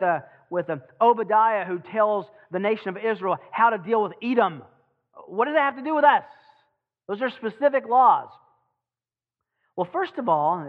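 A man preaching a sermon as pastor, teaching with lively rhetorical questions and restarts. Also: high voice. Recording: tinny phone-like sound.

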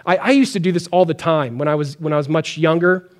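A pastor preaching a conversational sermon, acting out pleading prayers. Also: male voice, a little high, fairly even intonation, fast talker.

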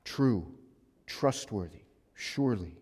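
A male pastor preaching a sermon with emphasis, swinging between loud passages and hushed ones. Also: lowish voice, lively intonation, slow pace, breathy edge. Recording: long reverb of a large hall.

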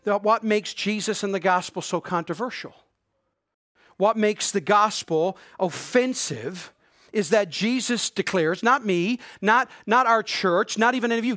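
A middle-aged man preaches a sermon in a fairly high voice, recorded dry and close with no room sound. He swings between loud, emphatic declarations and hushed, pleading lows, and slows right down when he quotes scripture. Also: no echo. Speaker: pastor.

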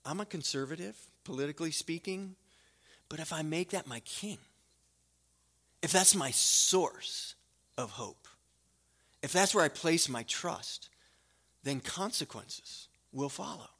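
Bright-voiced middle-aged male pastor preaching. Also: a little high, unhurried, long pauses. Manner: swings from hushed asides to loud, emphatic declarations; conversational, direct address to the congregation. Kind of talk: sermon.

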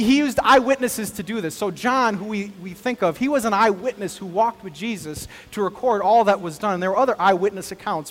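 A man preaching a sermon as pastor, talking conversationally and swinging between loud emphasis and quiet moments. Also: high voice. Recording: long hall reverb with faint music.

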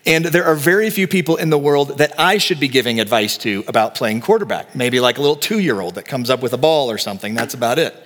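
A man's voice: mid-range voice, fast, hardly any pauses, a bit bright, big-room sound. A man preaching a sermon, telling a story with animation and acting out the voices he quotes. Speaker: pastor.

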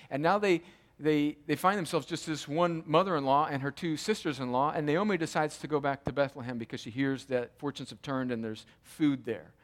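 A man preaching an expository Bible teaching in a conversational way, with asides and restarts. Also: on the high side. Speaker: pastor.

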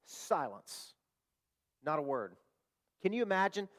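A man preaching a sermon as pastor, his voice rising on bold declarations and dropping soft and low for prayer. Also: very animated, a little slow. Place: church service.

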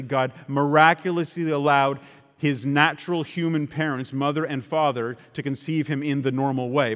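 A man's voice: a little high, a bit bright. A man preaching a sermon, emphatic and conversational, checking in with his listeners as he explains. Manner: emphatic, with conversational asides to the congregation. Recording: long reverb of a large hall.

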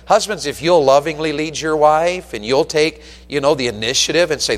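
A middle-aged man preaching a sermon, moving between quiet storytelling and loud, urgent exhortation. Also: fairly high pitch, animated, moderate pace, hardly any pauses. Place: church sanctuary at an evening service. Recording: long reverb of a church hall.

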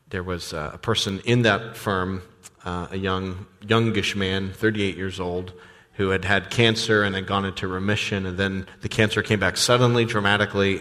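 Male pastor, conversational sermon delivery with fillers, lowish voice, long hall reverb. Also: a bit bright. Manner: conversational, with frequent fillers and restarts. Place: church sanctuary.

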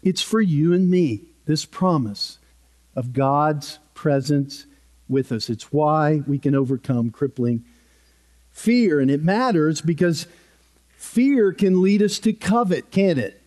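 A male pastor delivers a sermon in a fairly high voice. He speaks slowly and deliberately. He is earnest and emphatic, driving his points home by repeating them. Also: darkish tone.

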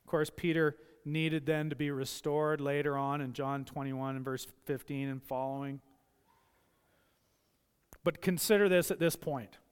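High-pitched man preaching in a reverberant hall. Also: steady tone, unhurried, clean tone. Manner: impassioned preaching, acting out quoted voices. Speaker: pastor. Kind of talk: sermon.

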